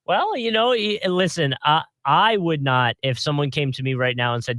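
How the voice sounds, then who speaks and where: A man's voice: medium pitch, animated, moderate pace, few pauses, a bit bright, no room sound. A young man with a mid-range voice co-hosts a laid-back sports podcast. He chats easily, often laughing and adding side remarks. The mic is close and the sound is dry. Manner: easygoing, laughs often, chatty asides. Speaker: podcast co-host. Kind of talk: casual sports podcast chat.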